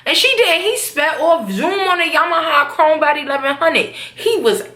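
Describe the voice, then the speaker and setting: A young woman giving a casual, profane and opinionated TV episode recap, talking in an animated way. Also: sits high, normal speed. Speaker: TV recap vlogger. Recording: echoey room.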